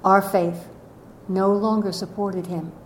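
Gentle older woman, echoey room. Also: level tone. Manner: slow, gentle, softly trailing off. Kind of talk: reflective spoken storytelling. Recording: echoey room with faint rumble.

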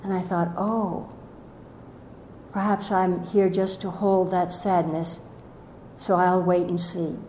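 An older woman telling a reflective spiritual story slowly and gently, her voice often trailing off softly. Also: little pitch movement. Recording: echoey room with faint rumble.

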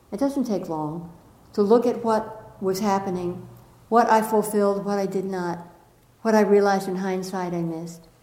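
A woman giving a gentle, affectionate inspirational talk to a live audience as a spiritual teacher, often repeating key words. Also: medium pitch. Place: warm room full of listeners. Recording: roomy echoing room.

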